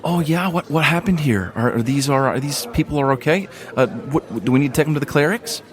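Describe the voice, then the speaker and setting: A man's voice: lowish voice, fast talker, natural voice. A man voicing a kindly, bustling woman who runs a tavern and heals the wounded, with a motherly way of calling people hon. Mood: flustered.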